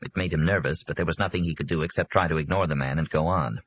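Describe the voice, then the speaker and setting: Deep husky guy reading an audiobook, steady measured pace. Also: rough recording. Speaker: audiobook narrator. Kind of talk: scripted narration.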